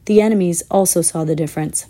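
A woman reading a children's fantasy book aloud in a measured, expressive way, with the odd slip. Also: fairly low pitch. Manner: measured, expressive, with small slips. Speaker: storyteller.

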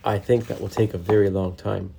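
A man's voice: on the low side, fairly even intonation, a little fast, gravelly, background noise. A man voicing a sober, matter-of-fact female squirrel.

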